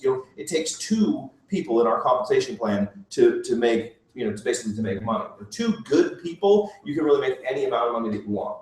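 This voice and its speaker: A man's voice: mid-range voice, expressive, brisk, few pauses. A middle-aged man presenting at a business meeting in a chatty, self-mocking way, laughing often and using many fillers. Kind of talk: casual joking talk to a room. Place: meeting room. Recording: echoey room, voice far from the mic.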